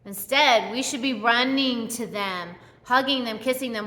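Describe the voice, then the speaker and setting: A woman's voice: on the high side, a little slow, bright, forceful tone. A woman pastor giving a sermon, telling a story with energy and acting out the characters' lines. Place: church hall. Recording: echoey church hall.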